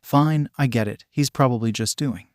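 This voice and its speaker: A man voicing a hot-tempered teenage boy who grumbles and half-shouts his lines, in a fan story reading. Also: mid-range voice, moderate pace, no echo, clean studio sound, natural voice. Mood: irritable.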